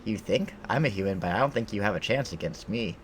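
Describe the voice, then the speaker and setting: A man voicing a cocky teenage hero from a video game, brushing off a challenge. It sits close to the man's own low voice, with lively ups and downs. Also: fast talker, slight background noise, lightly acted, low-quality recording.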